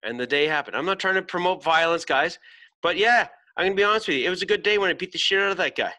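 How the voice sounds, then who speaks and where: A man's voice: high-pitched, quick pace, sharp tone. A middle-aged man hosting a podcast, giving a blunt, emphatic motivational talk full of swearing. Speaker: podcast host.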